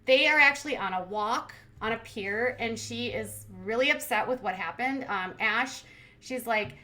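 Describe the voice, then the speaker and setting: An adult woman hosting a commentary channel, recapping a reality show in a quick, sarcastic, casual way. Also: a little high, sharp tone. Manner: fast-talking, sarcastic.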